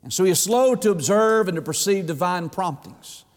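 A man preaching a sermon in a church. His pitch swings widely, he stretches words for emphasis, and he asks rhetorical questions. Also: animated, moderate pace. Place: church sanctuary. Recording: long hall reverb.

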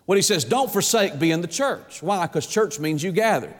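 A man's voice: high voice, animated, moderate pace, few pauses. A man with a Southern US accent preaching a sermon as pastor, emphatic and folksy, often throwing rhetorical questions at the congregation. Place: church sanctuary. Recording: long reverb of a large hall.

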